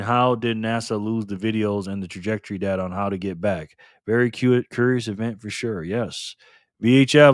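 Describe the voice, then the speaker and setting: A man's voice: mid-range voice, dry recording, clean studio sound. A man hosting a casual live stream, reading out the chat, greeting viewers by name and laughing often.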